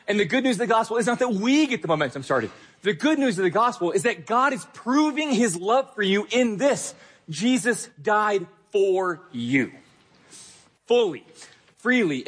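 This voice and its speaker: Husky-voiced man preaching earnestly. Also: fairly high pitch. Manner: earnest, direct address to the listener, emphatic repetition. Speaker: pastor. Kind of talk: sermon.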